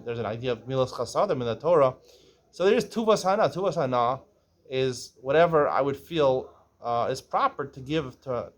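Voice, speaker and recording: A man with a mid-range voice teaches a relaxed Talmud lesson. He reads Aramaic phrases aloud, translates them, and walks through each step of the argument, often checking in with a quick "right?". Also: medium pitch.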